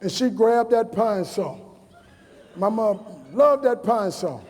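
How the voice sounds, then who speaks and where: A high-pitched man in his forties from New Orleans gives a motivational speech to college students. He tells personal stories and repeats key lines for emphasis. His voice rings out with a long echo through a large hall. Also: expressive, measured pace, darkish tone. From New Orleans, USA. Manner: storytelling with emphatic repetition. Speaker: motivational speaker.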